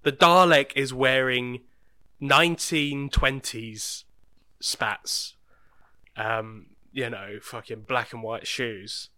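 A man's voice: mid-range voice, fairly even intonation, slow pace, bright, forceful tone, dry recording. A young man co-hosting a podcast, rambling casually and dropping to a mumble at the ends of phrases. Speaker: podcast co-host. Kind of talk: casual chat.

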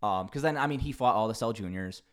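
A man talking casually on a podcast, with a voice that sits on the low side. He eases into his points with hesitant, stammering restarts before telling the story. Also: quick pace. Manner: hesitant starts, stammering repeats. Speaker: podcast guest. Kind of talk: casual chat.

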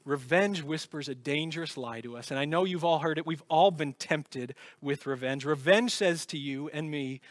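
A pastor preaching a sermon with earnest conviction, moving from loud emphasis to hushed, intense passages. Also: male voice, fairly high pitch, normal speed, few pauses, no echo.

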